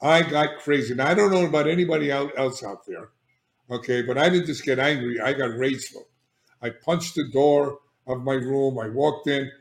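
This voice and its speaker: An older man, a guest on an interview, telling his recovery story in an animated, emphatic way, often restarting sentences and checking in with "all right?". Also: mid-range voice, normal speed. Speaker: guest, addiction therapist. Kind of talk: candid personal storytelling. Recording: echoey room.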